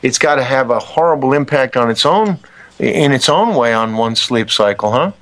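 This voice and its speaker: A man's voice: medium pitch, lively intonation, normal speed, fairly bright tone. Wordy reflective man co-host. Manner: wordy, reflective, stumbling restarts. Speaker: radio co-host. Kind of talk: casual radio chat.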